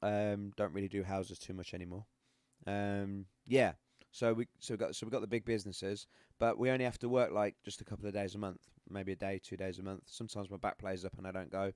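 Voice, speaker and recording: A man's voice: on the low side, little pitch movement, a little fast, few pauses, a little mellow, no room sound. Middle-aged northern English man, live-stream host; rambling and chatty, very dry close sound. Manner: rambling, chatty, laughs often. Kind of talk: casual chat. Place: home room.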